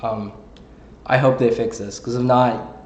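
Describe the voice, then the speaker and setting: A young gaming creator vents at a company in an indignant, rallying rant. His voice sits at an ordinary middle pitch, and the room around him rings with a noticeable echo. He fills his talk with ums and likes. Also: fairly even intonation, a little slow, a little mellow, muffled recording, slight background noise. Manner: indignant, rallying, filler-heavy. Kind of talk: heated direct-to-camera rant. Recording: roomy echo.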